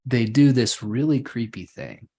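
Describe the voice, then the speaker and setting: A man's voice: medium pitch, unhurried, dark tone, breathy edge. A man hosting a podcast, telling rambling stories in a casual, profane way. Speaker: podcast host.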